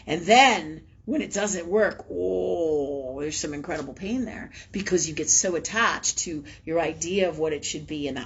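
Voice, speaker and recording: A woman's voice: lowish voice, slightly rough. A woman hosting a spiritual live talk show, chatting candidly, swearing freely, laughing often and ending lines with "right?". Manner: laughs often, acts out her own past words. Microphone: livestream mic. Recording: dull lo-fi livestream audio.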